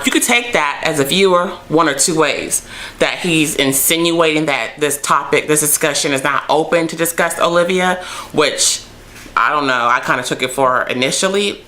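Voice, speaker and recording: A young woman with a low but bright, forceful voice recaps a TV episode for her viewers. She talks in a loose, chatty way and keeps acting out the characters' lines. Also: normal speed. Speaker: TV episode reviewer. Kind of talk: casual recap vlog.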